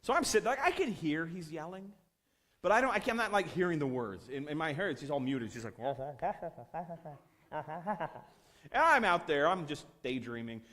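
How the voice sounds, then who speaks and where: A male conference speaker tells a workplace story to an audience. His pitch swings widely as he acts out the quoted lines. His speech is casual and loose, full of restarts and asides. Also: sing-song, a little fast, bright, forceful tone.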